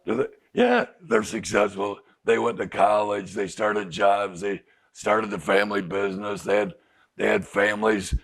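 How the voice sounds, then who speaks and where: In the group room of a recovery house, this middle-aged male counselor talks frankly with clients in recovery from addiction, frequently asking rhetorical questions. He has a fairly low, gravelly, slightly bright voice, animated at a moderate pace.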